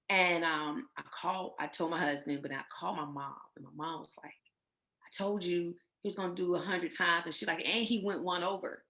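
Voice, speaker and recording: Low-pitched woman guest, heartfelt personal storytelling, emotional and faith-driven. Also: fairly even intonation, brisk, fairly bright tone. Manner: emotional, faith-filled, retells others' words. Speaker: guest sharing her infertility story.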